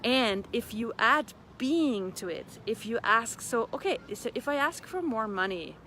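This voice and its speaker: Woman doing a playful motivational talk outside, bright voice, laughs a lot, bit of street noise. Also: a little high, expressive, a little slow. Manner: playful, chatty, laughs often, repeats clearing phrases. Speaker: facilitator of a personal-development class. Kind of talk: casual motivational talk to camera.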